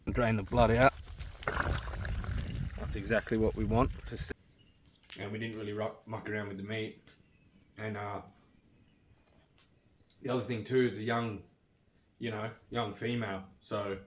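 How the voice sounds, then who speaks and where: An Australian man vlogging casually while cooking outdoors, talking in a relaxed, blokey way, swearing casually and tagging lines with "eh". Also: lowish voice, roomy sound, a little hiss or hum, poor audio. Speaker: outback station vlogger.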